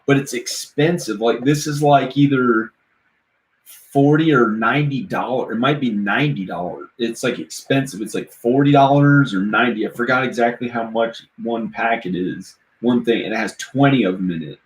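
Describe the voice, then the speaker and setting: A man vlogging on a live stream, rambling in casual chat and chuckling at his own silly rhymes. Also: mid-range voice. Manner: rambling, laughs at own silly rhymes, slow sing-song chanting. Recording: roomy echo, faint background noise.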